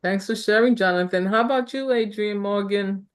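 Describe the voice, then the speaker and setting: A woman's voice: medium pitch, moderate pace, clear, resonant tone. A woman on a video call leading a check-in and calling on each person by name. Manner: friendly, calls on people by name. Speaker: check-in moderator.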